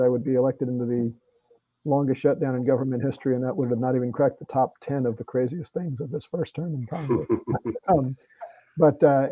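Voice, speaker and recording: A man's voice: mid-range voice, no room sound. Middle-aged guy, earnest plain talk, lots of restarts, muffled lo-fi call audio. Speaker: congressman guest. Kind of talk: conversational talk at a virtual meeting.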